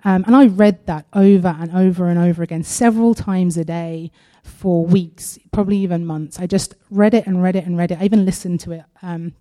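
A woman sharing a personal testimony at a church service, earnest and halting, partly reading aloud from her own writing. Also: on the low side, steady tone, mellow. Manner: earnest and halting, with frequent pauses.

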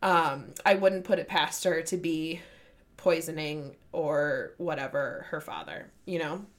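A woman hosting a casual book chat, retelling scenes with excitement and plenty of swearing. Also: deep voice, unhurried. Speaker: book podcast host.

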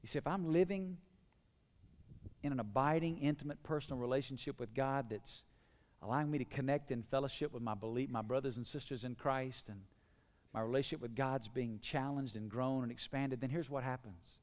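A man's voice: medium pitch, brisk. Emphatic preacher man in a reverberant hall. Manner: emphatic, swings from hushed to loud repeated lists. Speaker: pastor. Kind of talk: sermon.

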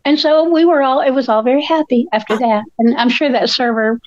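An older woman tells stories in a casual chat and acts out every quote. Her voice sits on the higher side and is recorded dry and dull. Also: brisk, dry recording. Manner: animated storyteller, acts out quotes. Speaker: co-host.

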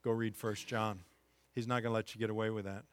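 A man's voice: on the low side, flat delivery, fast talker, no room sound. A middle-aged man preaching a sermon as pastor, reading scripture and building to impassioned, emphatic peaks.

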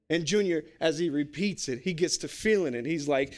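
A man preaching a sermon in an animated, conversational, joking way. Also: fairly high pitch, normal speed, few pauses. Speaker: pastor and basketball coach.

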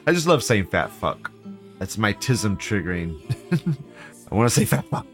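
A man hosting a live stream, reading viewer posts aloud and reacting with profane, scornful rants that swing between loud outbursts and low mutters. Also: sing-song, unhurried, soft background music. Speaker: livestream show host.

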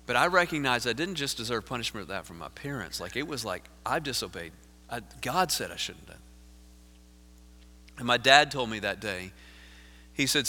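A man, a pastor preaching a sermon in a church, moving from earnest storytelling to forceful preaching. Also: medium pitch, big pitch swings, normal speed, long pauses. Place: church sanctuary. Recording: live sermon in a reverberant sanctuary.

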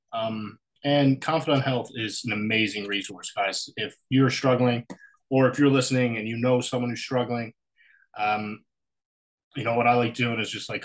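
Man podcast co-host, casual chat, upbeat, encouraging, talks to listeners, medium-pitched voice. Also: low-quality recording.

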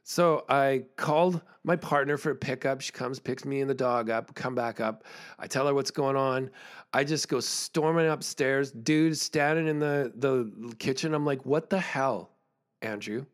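A man's voice: medium pitch, moderate pace, smooth. A man hosting a podcast, telling a personal story in a casual, candid way with fillers and the odd swear. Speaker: podcast host.

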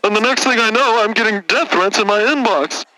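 A man voicing a condescending rich man in a comedy call-in sketch, speaking in a prim, pompous, drawn-out way. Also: high voice, bright, forceful tone, pitched above the performer's own voice, rough recording. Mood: haughty.

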